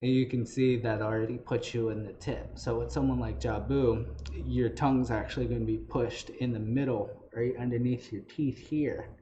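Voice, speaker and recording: A man's voice: mid-range voice, fairly even intonation, normal speed, few pauses, mellow. A man hosting a casual tutorial, explaining loosely in a conversational way how to build character voices for tabletop games. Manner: explanatory, loose phrasing with restarts. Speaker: tabletop game master teaching voices. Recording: dull lo-fi audio with faint noise.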